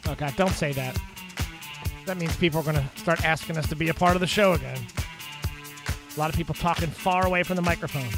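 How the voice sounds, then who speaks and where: A man's voice: fairly high pitch, fast talker, long pauses, music in the background. A man co-hosting a casual podcast, teasing his friends, laughing easily and stumbling as he starts sentences. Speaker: podcast co-host. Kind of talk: casual chat.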